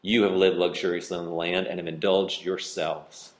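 A man's voice: sits low, level tone, normal speed. Man preaching in a roomy hall. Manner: preaching with rising intensity, reading scripture aloud. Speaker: pastor. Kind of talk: sermon.

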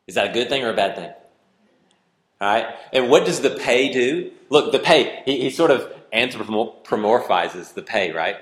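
A male preacher delivering an interactive sermon with a middle-pitched voice, peppering the congregation with questions. He swings between loud, lively outbursts and hushed, slow passages. The sound is roomy, with the reverb of a large sanctuary.

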